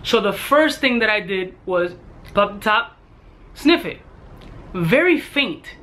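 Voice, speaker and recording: A man reviewing a fragrance in a blunt, casual vlog, swearing constantly and retelling his story with animated energy. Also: sits high, slow.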